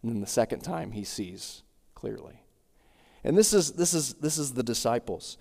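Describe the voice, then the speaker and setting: A man delivers an expository sermon at a mid-range pitch, explaining the passage verse by verse. He restates key phrases as he builds his point. His voice rings out with a long reverb, as if from a church hall. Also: expressive, normal speed, vocal fry, darkish tone. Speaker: preacher.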